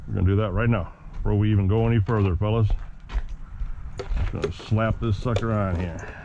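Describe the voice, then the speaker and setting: A man with a low voice chats to his viewers in a loose, joking way as he packs his gear. The audio sounds dull and lo-fi, with clear noise running behind him. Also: fairly even intonation, fairly quick. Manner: chatty, jokey, talks to viewers as guys and boys. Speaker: RC hobby vlogger. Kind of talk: casual vlog chat to camera while packing gear.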